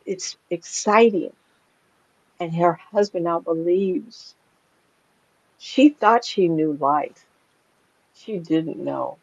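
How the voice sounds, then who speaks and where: An older woman, a psychic medium, telling anecdotes in a chatty, animated way and laughing often as she talks. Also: fairly low pitch, slow pace, creaky, long pauses, no echo. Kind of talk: casual storytelling in an interview. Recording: dry, slightly dull lo-fi sound.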